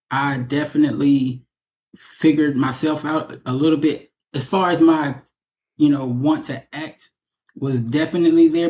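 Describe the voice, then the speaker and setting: A man being interviewed as an actor, telling stories in a casual, animated way and often repeating his words as he goes. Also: fairly high pitch.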